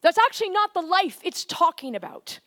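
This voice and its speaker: A woman preaching a conversational, animated sermon, often shifting into quoted voices. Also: extremely high pitch, moderate pace.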